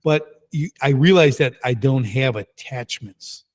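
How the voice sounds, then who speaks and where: Middle-aged man, energetic guest storyteller, mid-pitched, punchy and emphatic. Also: measured pace. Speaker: guest entrepreneur. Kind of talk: casual storytelling.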